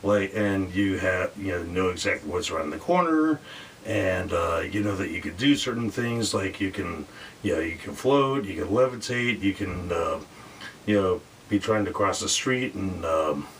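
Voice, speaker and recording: A man's voice: low voice, normal speed, fairly bright tone, recorded from a distance, a little hiss or hum. A man telling a rambling dream story casually, with lots of fillers and voices acted out.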